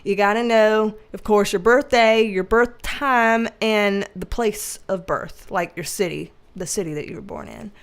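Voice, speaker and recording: A woman hosting a casual livestream with a nasal voice, talking loudly and bubbly, laughing often as she answers viewers. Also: mid-range voice, a little slow, hardly any pauses, clean tone. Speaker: tarot reader and livestream host. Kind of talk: casual livestream chat reading viewer comments.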